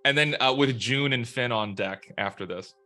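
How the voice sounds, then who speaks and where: Bright-voiced man running a tabletop game. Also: mid-range voice, normal speed, faint music behind. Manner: relaxed, meandering, with fillers. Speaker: game master.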